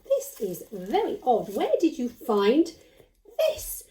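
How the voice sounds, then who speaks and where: A woman teaching a children's phonics lesson from home, encouraging and slowly sounding out letters. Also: on the high side, wildly swooping pitch, mellow, slight background noise.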